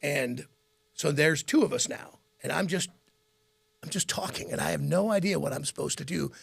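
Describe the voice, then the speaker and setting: Here a middle-aged Midwesterner, a radio host and guest, talks at normal speed with a somewhat high, gravelly, slightly rough voice. He spins stories in a casual interview, lively and quick to laugh, imitating the people he quotes.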